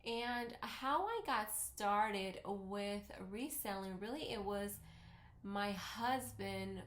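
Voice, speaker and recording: Recording a makeup tutorial at home, this thirties-aged vlogger, a native Spanish speaker with a Spanish accent, talks into her camera in a chatty, rambling, self-deprecating way. She speaks slowly at a medium pitch. Her camera mic picks up a roomy echo.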